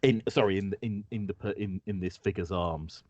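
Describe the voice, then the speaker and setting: A man's voice: low-pitched, moderate pace, darkish tone, dry recording, lo-fi sound. A man narrating as game master, often stumbling and restarting as he describes scenes.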